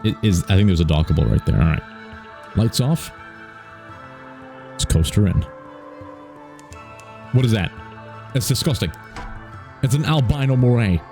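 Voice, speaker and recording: A man's voice: on the low side, expressive, unhurried, creaky, pauses often, mellow, soft background music. A man hosting a let's play, chatting playfully and reacting aloud to the game. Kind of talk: casual gameplay commentary.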